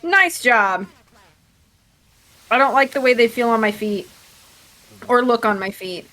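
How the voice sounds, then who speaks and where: A young woman chatting her way through a game stream on her home mic. Her voice sits a little high and she talks in an easygoing, rambling way, laughing between thoughts. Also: expressive, unhurried, pushed and bright. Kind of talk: casual let's-play chat.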